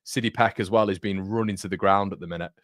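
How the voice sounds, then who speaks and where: Speaking quickly in a low, steady voice, a young North East English fan channel host chats through a live football watchalong, leaning on "mate" and "um" in a blokey manner. The audio is clean studio sound with no room echo.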